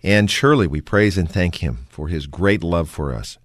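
Deep-voiced male radio host, dry sound. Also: animated, dry recording. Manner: measured, leading questions. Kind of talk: religious radio discussion.

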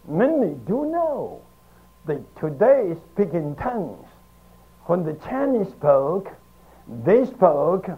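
A man preaching a sermon, teaching slowly and emphatically with long pauses between phrases. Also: high-pitched. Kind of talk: archival sermon. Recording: tinny phone-like archive recording.

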